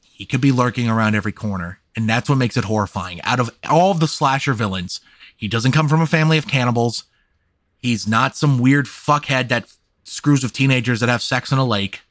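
A man's voice: medium pitch, brisk, fairly bright tone, no echo. A man hosting a casual movie podcast, talking emphatically and swearing freely into a close mic. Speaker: podcast host. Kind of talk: casual film discussion.

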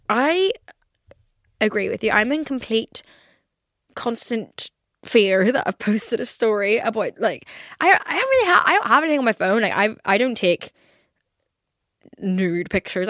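A woman's voice: mid-range voice, a bit bright, dry recording, studio quality. A young woman in her twenties hosting a casual solo podcast, rambling, swearing a lot and acting out her own reactions. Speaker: podcast host.

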